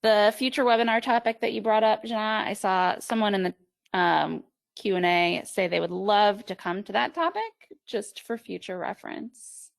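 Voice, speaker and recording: A woman moderating a webinar over a video call, making brisk, procedural announcements. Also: mid-range voice, creaky. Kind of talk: running a webinar.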